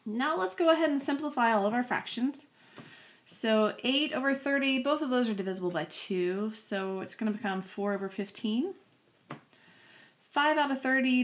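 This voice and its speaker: A woman's voice: a little high, animated, moderate pace. A woman teaching a math lesson, talking students through each step aloud in a friendly way. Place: home.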